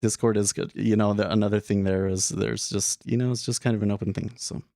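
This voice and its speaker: A man's voice: on the low side, steady tone, a little fast, vocal fry, warm tone, no echo, clean studio sound. A young man casually talking through his trading day on a live stream, thinking aloud with frequent restarts and filler words.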